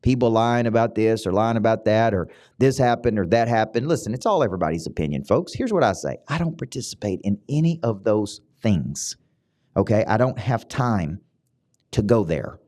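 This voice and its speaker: A middle-aged man with a Southern US accent, hosting a motivational podcast as a business coach, talking emphatically and repeating himself, with sudden upward jumps in pitch. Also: lively intonation, moderate pace, darkish tone.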